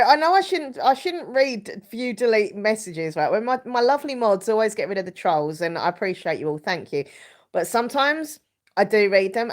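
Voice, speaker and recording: A woman, chatting loosely on a live stream. She sounds stuffy and congested from a cold, and she rambles along while reading out viewers' comments. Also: mid-range voice. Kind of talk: casual live stream chat.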